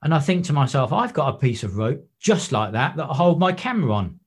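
A man's voice: fairly high pitch, a little fast, breathy edge. A man, a wreck diver and photographer, telling stories in a podcast interview. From England. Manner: animated anecdotes with acted-out quotes.

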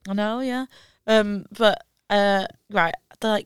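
Woman, podcast co-host, smooth clear voice, dry close sound, laughing storyteller. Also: medium pitch, fairly even intonation, slow pace, no echo. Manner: storytelling, laughing, mimics others' lines. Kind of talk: casual chat.

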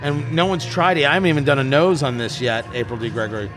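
A man's voice: medium pitch, quick pace, over music. A man hosting a casual panel talk show, rambling and self-amused, with many fillers and restarts. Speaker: host.

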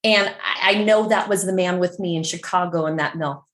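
A woman's voice: lowish voice, normal speed, reverberant. Chatty middle-aged woman telling a story. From San Francisco. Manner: chatty, animated, lots of "like" fillers. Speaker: podcast guest. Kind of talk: casual storytelling.

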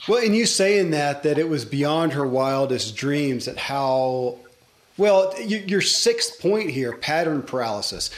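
A man's voice: a little high, expressive, a little slow. Reflective man hosting a podcast. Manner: reflective, thinking aloud. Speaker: podcast host. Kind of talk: podcast interview chat.

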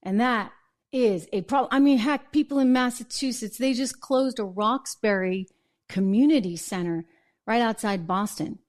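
A woman's voice: a little high, normal speed, a little mellow. A woman from New Hampshire hosting an opinion show, indignant and full of rhetorical questions. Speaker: host.

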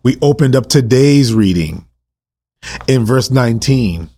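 Husky guy on a bible podcast, super passionate, keeps asking the same question over and over. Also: medium pitch, expressive, measured pace. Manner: emotional, passionate, repeats rhetorical questions; swings between urgent and hushed delivery. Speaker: podcast host. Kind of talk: impassioned Bible-reading podcast.

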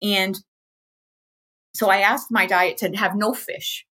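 Interview guest: American woman, frank and chatty, a slightly breathy mid-pitched voice. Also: steady tone, slow pace, bright, forceful tone. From United States. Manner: chatty, frank, acts out quoted people. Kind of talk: casual personal storytelling.

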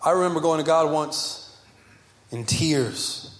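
A young man with a high voice preaches to his congregation in a reverberant church room. He repeats key phrases with fervor, then pulls back into soft, intimate passages. His words carry a long, roomy echo. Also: slow. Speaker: pastor. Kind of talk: sermon.

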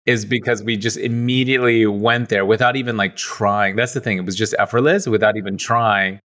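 A man's voice: fairly low pitch, steady tone, a little fast, a bit bright. A man speaking as a podcast guest in casual conversation, reflective and easygoing, with many "like" fillers.

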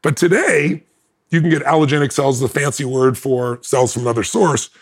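A man who is a podcast guest, telling a personal story in an animated way. He laughs between lines and acts out what other people said. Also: medium pitch, moderate pace.

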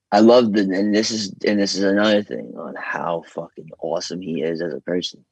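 A deep, husky American man from New York talks in a loose, rambling way, cursing casually as a guest. His voice has a gravelly fry. The recording is dry and close. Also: fairly quick, darkish tone, no echo, poor audio. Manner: rambling, loose, swears freely. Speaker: guest vocalist. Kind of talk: casual interview chat.

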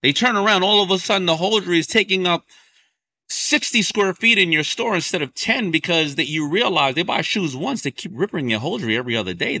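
A man hosting a podcast who explains business ideas in an animated, casual way with quick everyday examples. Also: high voice, no echo. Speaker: podcast host.

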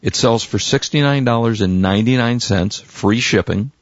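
A man co-hosting a casual radio tech show, pitching products in a relaxed, rambling way, his voice worn out from cheering. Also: normal speed, dry recording, lo-fi sound.

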